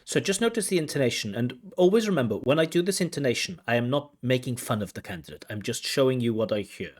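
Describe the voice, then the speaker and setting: A man's voice: medium pitch, lively intonation, fast talker. A man, an examiner explaining a candidate's speaking test in a teaching manner. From Wales. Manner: explanatory, imitates intonation with tut sounds. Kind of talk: spoken exam feedback lesson.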